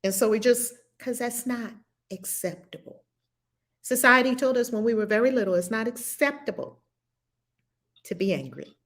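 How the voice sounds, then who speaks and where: A woman's voice: fairly high pitch, moderate pace, fairly bright tone. A woman hosting a livestream spiritual study group, talking earnestly and reading viewer comments aloud. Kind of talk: livestream discussion.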